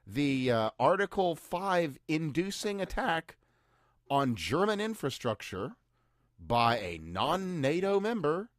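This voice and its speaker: Sarcastic man with a lively voice. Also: on the high side, slow pace, dry recording. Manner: dry, sarcastic, mock-cheerful asides. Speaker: podcast co-host. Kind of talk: sarcastic news commentary chat.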